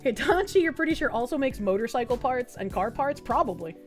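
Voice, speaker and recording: Reading donations and laughing a lot, a young female streamer talks crudely and casually with her viewers' chat, her voice leaping loud and high. She's expressive and a little fast, and faint music plays in the background.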